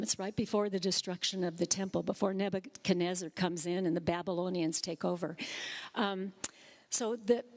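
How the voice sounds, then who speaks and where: A woman preaching a sermon in a church, explaining scripture in an animated, chatty way with light self-deprecating humor. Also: medium pitch.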